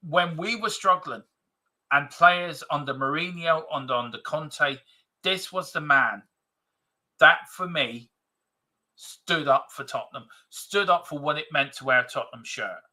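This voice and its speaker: A man's voice: fairly high pitch, a little slow, pushed and bright. A man from England, hosting a casual live stream, chatting and reading out viewer comments with hesitant restarts. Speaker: fan channel host.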